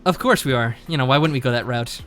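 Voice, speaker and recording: A man's voice: medium pitch, quick pace, soft background music. A man streaming a visual novel, chatting casually and reading the narration aloud. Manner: laid-back, reads narration aloud with lively inflection.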